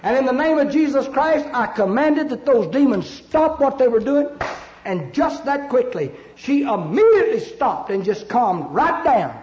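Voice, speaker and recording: Male preacher, very high voice, emphatic repetitive cadence, roomy dull lo-fi sound. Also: very animated, moderate pace, darkish tone, a little hiss or hum. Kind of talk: fiery revival sermon. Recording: echoey lo-fi church recording.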